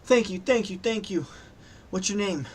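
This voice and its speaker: A woman's voice: mid-range voice, moderate pace, darkish tone, slightly rough, pitched above the performer's own voice, lightly acted. A man voicing a panicked woman adventurer in armor, sobbing and pleading frantically. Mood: grateful.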